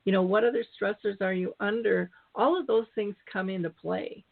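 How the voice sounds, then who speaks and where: A woman's voice: medium pitch, normal speed, creaky. A woman hosts a radio interview and speaks in a reflective, affirming way. Her voice sounds tinny and narrow, like it is coming over a phone line. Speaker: radio show host. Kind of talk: casual interview chat.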